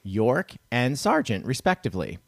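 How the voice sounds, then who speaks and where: A man co-hosts a chatty podcast and reads listener emails with a joking, animated delivery. His pitch swings widely as he talks. The sound is dry and close, with no room echo. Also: normal speed, vocal fry. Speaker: podcast co-host. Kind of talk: casual chat.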